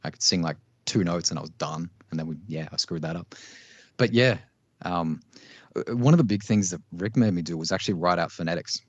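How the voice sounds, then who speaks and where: Low-voiced Australian male vocal coach. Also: no echo, muffled recording. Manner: relaxed, agreeable, with quick affirmations. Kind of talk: casual chat between vocal coaches.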